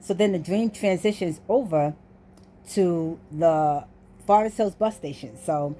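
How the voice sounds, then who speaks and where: A woman's voice: fairly low pitch, unhurried, mellow, a little hiss or hum. A woman casually telling a story to her viewers, acting out what the people in it said. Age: adult. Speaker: vlogger.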